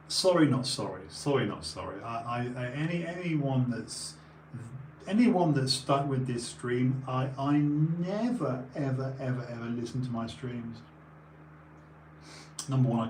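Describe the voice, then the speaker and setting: A slightly mellow mid-range male voice meanders casually on a stream, tired and sniffling, breaking into digressions and restarts. Echo fills the room, along with faint background noise.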